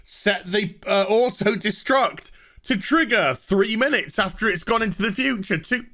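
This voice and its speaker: A man's voice: high-pitched, moderate pace, pushed and bright. A man ranting sarcastically in an exasperated review vlog about a TV episode. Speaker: TV show reviewer.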